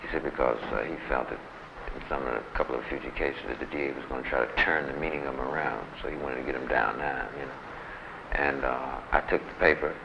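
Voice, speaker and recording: Low-voiced man telling a prison story. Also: steady tone, quick pace, gravelly, background noise. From United States. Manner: loose and rambling, full of "man" and "you know". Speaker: interviewee recounting time in solitary. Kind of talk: casual storytelling in street slang. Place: prison visiting room. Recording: muffled lo-fi archival tape.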